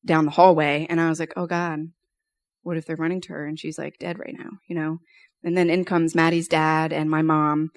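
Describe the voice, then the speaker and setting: A woman's voice: low voice, no room sound, studio quality. A young woman giving a personal testimony at church, telling her story conversationally with lots of fillers.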